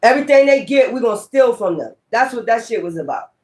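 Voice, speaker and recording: A woman's voice: on the high side, big pitch swings, fast, a little mellow. A woman giving a tarot reading in a blunt, profane, emphatic way. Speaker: tarot reader.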